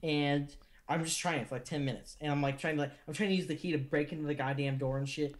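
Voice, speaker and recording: A man co-hosting a podcast, telling stories in a casual, animated way with lots of swearing. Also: fairly high pitch. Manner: animated, profane, quick asides. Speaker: podcast co-host. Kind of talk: casual profane storytelling.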